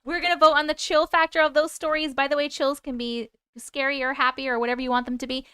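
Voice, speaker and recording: Female live stream host, higher-pitched and emotionally open, reading stories and reacting to chat; dry, close sound. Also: flat delivery, fast, hardly any pauses, sharp tone, no echo. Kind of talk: reading viewer stories aloud and chatting with live viewers.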